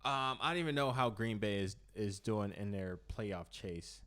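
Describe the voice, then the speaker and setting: A man co-hosting a sports podcast, relaxed, asking questions and teasing his partner. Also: fairly low pitch, normal speed. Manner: laid-back, asks questions and teases. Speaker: podcast co-host. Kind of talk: casual sports chat.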